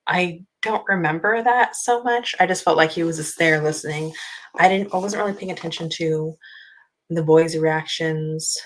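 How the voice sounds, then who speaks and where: Woman, low voice, casual book discussion, chatty, rambling, hesitant fillers. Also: normal speed, rough recording. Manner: chatty, rambling, many ums. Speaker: book channel host.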